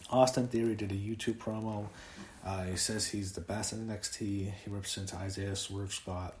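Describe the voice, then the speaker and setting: A man's voice: lowish voice, fairly even intonation, moderate pace, darkish tone, echoey room, a little hiss or hum. A man giving a casual, rambling solo review of a wrestling show, with lots of fillers and swearing when he gets worked up.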